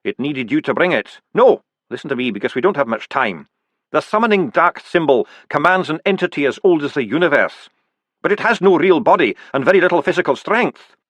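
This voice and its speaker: An earnest, urgent dwarf priest, voiced by a man, pressing his point with a lively, rising voice. He talks fast and persuasively, and his delivery is dry and close. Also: on the high side, no room sound, pitched above the performer's own voice.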